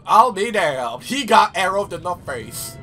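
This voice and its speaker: Excitable young man narrating his gameplay. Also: sits high, unhurried. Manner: excitable, laughing, swearing, animated. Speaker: gaming channel host. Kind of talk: let's play commentary. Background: game music and sound.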